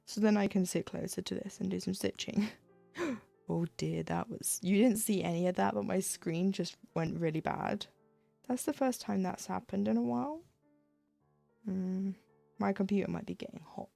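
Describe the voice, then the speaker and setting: A woman's voice: medium pitch, moderate pace, creaky, dark tone, no room sound, soft background music. A woman streaming her cross-stitching, chatting casually and ranting, laughing often as she talks at her desk. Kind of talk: casual chat while stitching.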